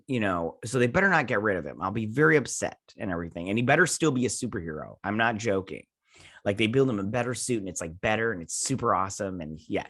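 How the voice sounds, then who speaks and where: A young man hosting a review channel, retelling a TV episode in an excited, rambling way full of "he's like". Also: medium pitch, dry recording, clean studio sound. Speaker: host and TV reviewer. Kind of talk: casual episode recap.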